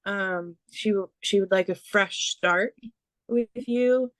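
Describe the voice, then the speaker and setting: A woman giving a spiritual reading as a medium, speaking haltingly with many fillers and restarts. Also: mid-range voice, a bit bright, no echo. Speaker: psychic medium.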